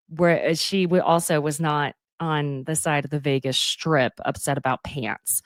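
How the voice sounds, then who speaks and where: A woman's voice: low voice, steady tone, unhurried, hardly any pauses, dry recording, studio quality. A woman hosting a podcast, recapping a reality show in a chatty, sassy way, with asides to her listeners and snippets of the cast acting out lines.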